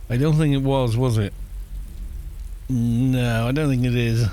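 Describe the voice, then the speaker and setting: Male streamer, soft and gentle, loose rambling chat at an average pitch. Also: fairly even intonation, unhurried, pauses often. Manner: quiet, gentle voice; rambling, with frequent restarts and soft laughs. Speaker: game streamer. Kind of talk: casual live-stream chat while gaming.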